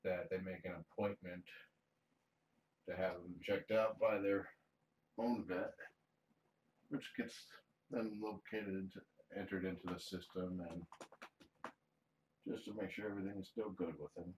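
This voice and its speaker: Deep-voiced man cooing to a cat, roomy. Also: steady tone, a little slow, long pauses, slight background noise. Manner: soft-spoken, coos fondly to a cat; explains plainly, often restarting phrases. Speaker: cat fosterer streaming live. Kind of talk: casual livestream chat. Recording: roomy sound, mic some distance away.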